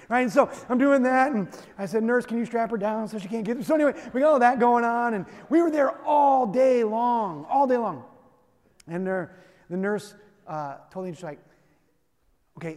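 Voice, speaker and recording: A man's voice: fairly high pitch, a little mellow, long reverb tail. A man preaching a sermon in a conversational, emphatic way, with self-deprecating humor. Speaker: pastor.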